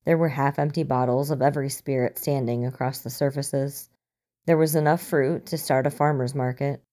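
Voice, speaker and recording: A woman narrating fan fiction in a steady, expressive audiobook reading. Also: a bass voice, normal speed.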